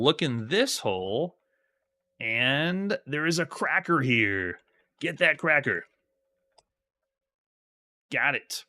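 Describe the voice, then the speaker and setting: A man's voice: mid-range voice, sharp tone. A man streaming a live playthrough of an old adventure game, reading the screen text aloud and chatting with viewers between commands. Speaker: streamer playing retro games. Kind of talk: live gameplay commentary.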